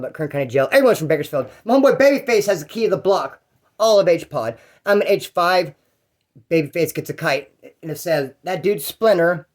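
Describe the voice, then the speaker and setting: A man with a notably high voice tells a prison story in loose, casual fashion. His talk rambles along in slang and cursing. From California.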